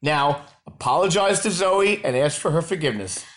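A man's voice: a little high, lively intonation, moderate pace. A man talking to his pets with mock-stern authority and dry, teasing humor. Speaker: pet owner. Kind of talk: comic chat with his pets.

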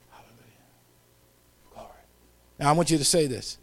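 A man preaching a sermon, leading call-and-response and dropping to whispered hallelujahs between loud calls. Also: on the high side, normal speed, pauses often.

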